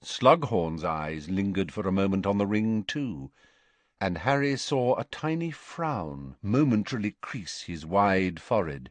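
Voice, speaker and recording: A man narrating a fantasy novel in a measured, expressive way. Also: low-pitched, no echo. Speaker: audiobook narrator. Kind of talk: scripted narration.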